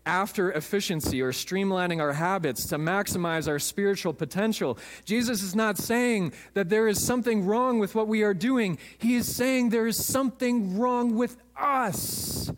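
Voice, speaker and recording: A man's voice: high voice, normal speed, hardly any pauses, big-room sound. A man, a pastor, preaching a sermon with emphatic storytelling in a church.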